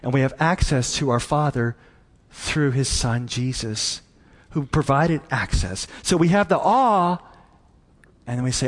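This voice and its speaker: A man's voice: a little high, unhurried, pauses often, in a large hall. A man preaching a sermon as pastor, earnest and emphatic, often repeating words.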